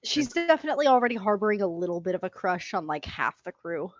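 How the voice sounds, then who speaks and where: A woman's voice: medium pitch, sing-song, quick pace. A woman playing a tabletop game who chats about what her character does. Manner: chatty, describes her character's actions. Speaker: player. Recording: dry, dull lo-fi sound.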